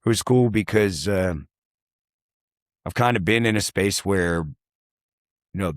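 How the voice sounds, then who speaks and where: A man's voice: on the low side, a little slow, dry recording, studio quality. A man in casual podcast talk, reflective and loose, cursing freely and trailing into fillers. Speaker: guest, artist and songwriter.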